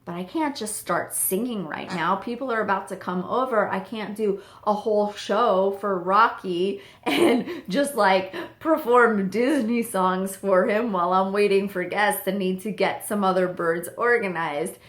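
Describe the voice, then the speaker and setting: A young woman telling a story on her vlog in an animated way, quoting herself and her parrot. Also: medium pitch, unhurried, few pauses. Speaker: parrot channel vlogger. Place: home room with birds. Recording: echoey room.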